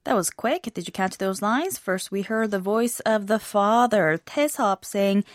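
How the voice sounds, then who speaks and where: Here a woman leads a scripted language lesson, measured in her explanations and slowing on the important words. Her voice sits in the mid-range, and the studio sound is clean, with no trace of the room.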